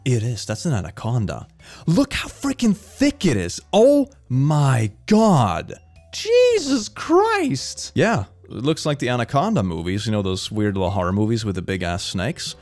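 A young man giving a jokey, excitable reaction commentary, often gasping and laughing. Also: mid-range voice, measured pace, soft background music. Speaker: reaction video host.

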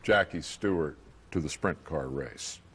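A man hosting a TV interview, asking measured, prompting questions. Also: a bass voice, a bit bright, husky. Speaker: host.

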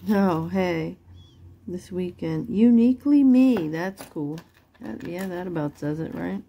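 A woman's voice: fairly low pitch, fairly even intonation, slow pace, gravelly, muffled recording. A middle-aged woman selling jewelry online in casual, rambling chat, laughing often and apologizing after she curses. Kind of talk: casual live-sale chat.

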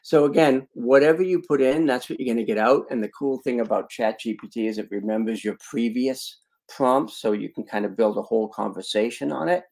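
Leading a live online webinar, a male video marketing trainer speaks a little fast in a mid-range, creaky, darkish voice. He walks through a screen-share demo with punchy emphasis on key words and casual asides to the audience.

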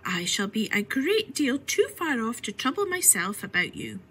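A curious little storybook girl, fretful and breathless, put on by a woman reader. The voice sits high and bright and swings a lot in pitch, often dropping into a hushed whisper. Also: sing-song, normal speed, breathy edge, exaggerated voice, poor audio. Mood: musing.

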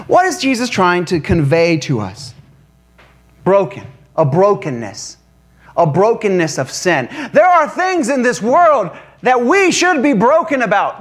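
A male pastor preaching a sermon to a congregation, animated and emphatic, with joking asides. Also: high voice. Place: church before a congregation.

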